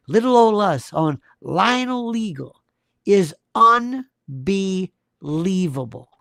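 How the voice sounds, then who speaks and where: A man's voice: sits high, creaky, a bit bright, dry recording, clean studio sound. A man hosting a live-stream talk show, delivering an emphatic monologue full of repeated rhetorical questions. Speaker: host.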